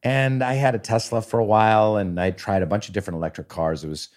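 Male podcast guest, 50s, lowish voice, playful animated storyteller. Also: fast. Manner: animated storyteller, acts out voices and sound effects. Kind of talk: casual storytelling chat.

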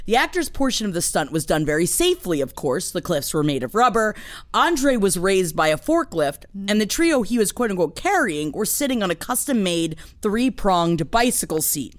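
A woman co-hosting a podcast in casual chat, telling stories in a gushing, animated way. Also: medium pitch, moderate pace. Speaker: podcast co-host.

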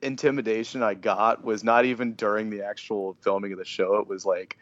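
Low-voiced man on a dull line. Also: brisk, no echo. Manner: relaxed, rambling with fillers. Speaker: guest. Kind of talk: casual chat.

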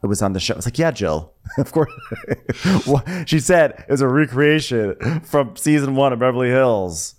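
A man's voice: medium pitch, expressive, a little slow. A man co-hosting a comedy podcast, chatting sassily about a reality show and acting out the cast in raised voices. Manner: sassy, dramatic, mimics cast members in raised voices. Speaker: podcast co-host. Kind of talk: casual comedic recap chat.

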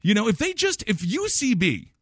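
A man's voice: sits high, huge pitch swings, moderate pace, fairly bright tone, no echo, clean studio sound. A young man from Wisconsin riffing jokily in a casual comedic chat. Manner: riffing, jokey, puts on silly voices.

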